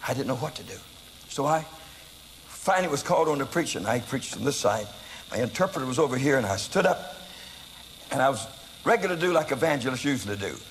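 Older man, American, evangelist, storytelling sermon, very lively pitch, sudden shouts, long hall reverb, faint background noise. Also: fairly quick, pauses often. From United States. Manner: animated storyteller, bursts into shouts, laughs at himself. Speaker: evangelist preacher.

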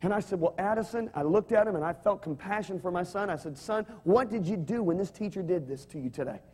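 A man's voice: high-pitched, fast, darkish tone. A man preaching a sermon, telling stories animatedly and having the congregation repeat his words. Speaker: pastor.

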